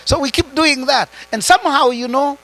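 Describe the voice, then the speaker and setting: A man giving a high-voiced motivational talk. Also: normal speed, bright, forceful tone, rough recording. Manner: switches between English and Swahili, asks the audience rhetorical questions. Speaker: retreat speaker.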